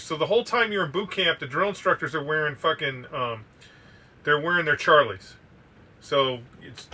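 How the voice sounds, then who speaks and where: A man co-hosting a podcast, telling a story in a loose, profane, animated way. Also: fairly high pitch, far from the mic, slight background noise. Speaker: podcast co-host. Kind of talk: casual storytelling.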